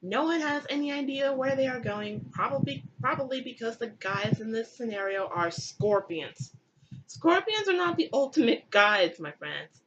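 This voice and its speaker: A woman's voice: a little high, expressive, moderate pace, muffled recording, noisy background. A young woman retelling a myth in a giggly, irreverent comic style with crude asides. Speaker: comedic storyteller.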